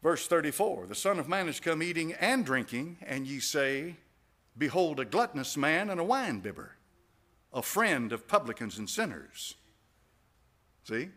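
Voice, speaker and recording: A man's voice: medium pitch, very animated, normal speed, a bit bright. A male pastor preaching a sermon, emphatic, punching key phrases and asking the congregation rhetorical questions. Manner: emphatic, rises to stressed phrases.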